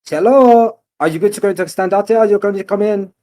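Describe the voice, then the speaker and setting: A man voicing an excitable male innkeeper with a French accent, speaking loud and high. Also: a little fast, natural voice. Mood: fussy, welcoming.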